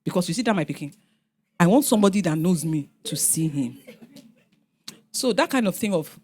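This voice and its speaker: A woman's voice: on the low side, brisk, long pauses, breathy edge. A middle-aged woman with a Nigerian accent, telling family stories on a panel and acting out what her relatives said. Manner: animated, acts out family members' lines. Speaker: guest speaker. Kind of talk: storytelling on a panel.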